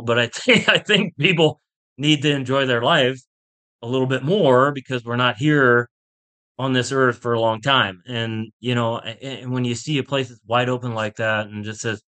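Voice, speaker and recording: A Pittsburgh golf instructor chats as a podcast guest in a casual interview, enthusiastic and rambling, laughing often as he tells stories. His mid-range voice moves at a normal speed with a bright, forceful tone.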